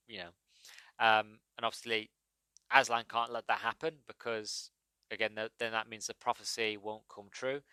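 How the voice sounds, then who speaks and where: A man's voice: on the low side, sharp tone, clean tone, no room sound. A man hosting a solo movie review podcast, talking enthusiastically and rambling with lots of fillers. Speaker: podcast host.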